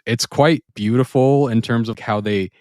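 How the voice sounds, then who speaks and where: A man's voice: normal speed, darkish tone, dry recording, studio quality. A man co-hosting a podcast, chatting casually and enthusiastically about a movie he rewatched, laughing often and acting out funny lines. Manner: enthusiastic, laughs often, acts out quoted lines in high voices. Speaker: podcast co-host. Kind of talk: casual film review chat.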